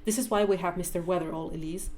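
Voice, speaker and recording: A woman voicing a poised aristocratic mother who speaks in a calm, instructive, commanding way. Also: on the low side, fast, soft background music, close to an everyday voice.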